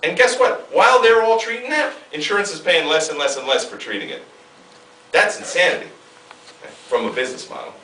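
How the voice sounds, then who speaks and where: Guy preaching at a seminar, real animated, high-ish voice, big roomy hall sound. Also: fairly quick, slight background noise. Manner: animated, emphatic, swings from loud to hushed. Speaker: seminar speaker. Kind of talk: motivational seminar talk. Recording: echoey hall from a distance.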